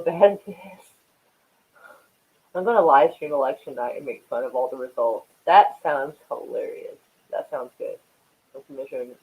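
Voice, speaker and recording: A woman from Oklahoma hosting a casual livestream, chatting with viewers in a profane, rambling way and often laughing at herself. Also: low-pitched. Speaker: livestream host. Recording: tinny phone-like audio.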